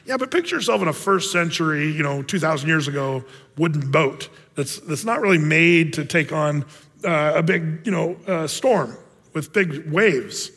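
Animated pastor preaching in an echoey hall. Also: male voice, on the high side, moderate pace, slightly rough. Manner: casual, animated, acts out quoted voices. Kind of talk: sermon.

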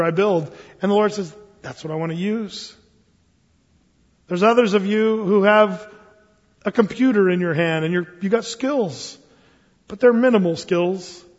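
In a muffled recording with a long hall reverb, a high-voiced man preaches as pastor. His sermon is full of lively stories, and he performs the voices of the characters.

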